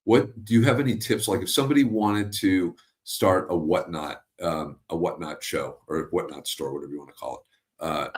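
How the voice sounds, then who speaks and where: A man hosts a casual interview, asking questions and reacting with open enthusiasm. His voice sits a little low for a man. His talk is blunt and unpolished, with the odd casual swear. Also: fairly quick. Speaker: interview host.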